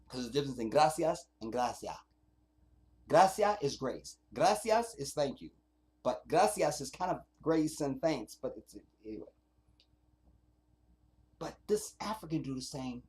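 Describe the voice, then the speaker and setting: A man's voice: fairly high pitch, sing-song, moderate pace, darkish tone. A man hosting a casual livestream, rambling and swearing as he reads out viewer comments. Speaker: livestream host.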